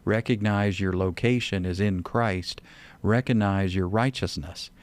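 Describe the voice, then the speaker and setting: A man's voice: deep voice, unhurried. A man with a Texan accent, hosting a show and answering a listener's question about scripture in an earnest, step-by-step way. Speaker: Bible teacher and radio show host.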